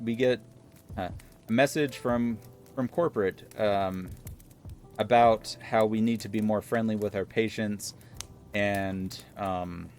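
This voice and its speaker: A man casually telling viewers an exasperated story from his pharmacy job, acting out the dialogue as he goes. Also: fairly low pitch. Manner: exasperated, animated retelling with quoted dialogue.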